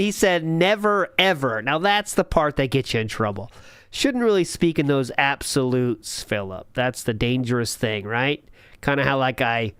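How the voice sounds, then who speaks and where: A man's voice: on the high side, smooth, dry recording, studio quality. A man hosting a podcast, giving a mocking reaction commentary full of laughs. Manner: laughing, mocking, animated riffing. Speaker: podcast host.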